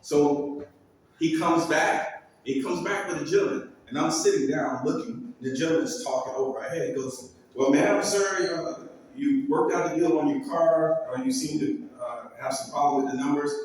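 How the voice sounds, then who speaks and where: A man's voice: fairly high pitch, normal speed, far from the mic. A man, a builder, giving a storytelling speech to a live audience. He acts out the voices in his stories and delivers faith-filled calls like a preacher. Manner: animated, acts out dialogue in quoted exchanges. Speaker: builder and speaker. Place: large hall with an audience. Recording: echoey hall, voice picked up from afar.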